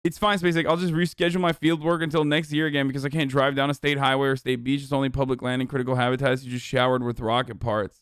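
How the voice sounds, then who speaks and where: A young man streaming, chatting with his audience in a profane, mocking way and breaking into loud laughs. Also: medium pitch, little pitch movement, quick pace, hardly any pauses, clear, resonant tone, no room sound, studio quality. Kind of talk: casual livestream chat.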